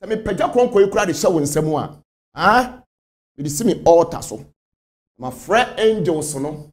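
A man's voice: a little high, lively intonation, normal speed. A man from Ghana, a spiritual leader, answering interview questions emphatically and repeating his phrases.

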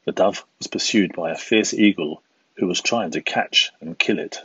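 A man reading a traditional fable aloud for a school assembly, in a measured, expressive way. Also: deep voice, slightly rough, dry recording, lo-fi sound. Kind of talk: storybook reading.

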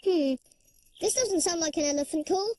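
A voice actor playing Noddy, a cheerful young toy boy in an animated children's cartoon, talking in an eager, bouncy, helpful way. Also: very high-pitched, moderate pace, a little hiss or hum. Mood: upbeat. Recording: music playing loudly underneath.

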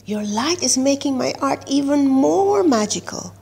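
A woman's voice: sits high, expressive, unhurried, gravelly, warm tone, a little hiss or hum, voice pushed up, exaggerated voice. A woman reading aloud a storybook, voicing a proud, artistic male beetle who exclaims with delight. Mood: excited.

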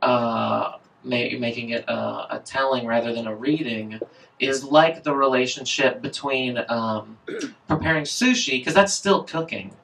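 A man's voice: medium pitch, a little slow, creaky, background noise. A man telling a story from memory at a live reading, in a casual, rambling, profane way with lots of fillers. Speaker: author performing at a reading. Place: indoor live reading event. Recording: voice picked up from far off.

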